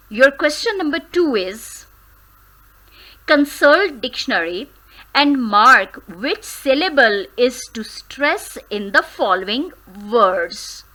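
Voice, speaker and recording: A woman teaches a grammar lesson, sounding words out carefully syllable by syllable. Her voice is bright and a little high, and she speaks at an unhurried, deliberate pace. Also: low-quality recording. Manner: slow, careful syllable-by-syllable drilling; switches briefly into Hindi.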